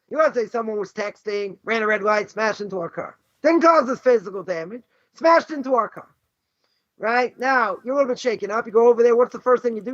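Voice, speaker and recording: In a dull, dry lo-fi recording, a man from Boston teaches an animated Torah class as a rabbi. His pitch is extremely high and his tone fairly bright. He speaks emphatically, poses rhetorical questions, and leans often on "right?" and "you know."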